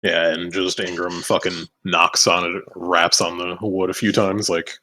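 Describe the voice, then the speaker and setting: A man playing a tabletop game, chatting casually in a relaxed, swearing way. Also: low voice, a little slow. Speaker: player.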